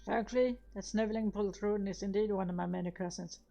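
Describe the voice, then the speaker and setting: A woman's voice: mid-range voice, fairly even intonation, fairly quick, vocal fry, mellow, natural voice. A woman voicing a haughty, scolding male goblin gunner, with dull audio and game music behind her. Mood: boastful.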